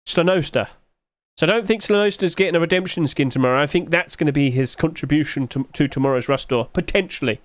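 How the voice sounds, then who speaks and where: A man's voice: on the high side, fast, dry recording. A man, musing aloud in casual livestream commentary and asking himself rhetorical questions. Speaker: streamer.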